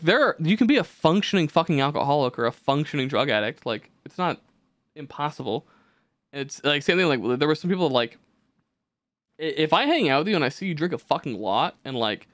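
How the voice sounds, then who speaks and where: A man's voice: a little high, a bit bright, dry recording. A man co-hosting a podcast, rambling casually with lots of swearing and fillers. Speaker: podcast co-host.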